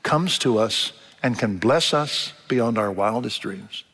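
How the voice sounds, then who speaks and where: Older man, pastor, folksy sermon, mid-pitched voice, long church-hall reverb. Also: expressive, slow pace, fairly bright tone, breathy edge. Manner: folksy storytelling, acts out quotes. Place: church sanctuary.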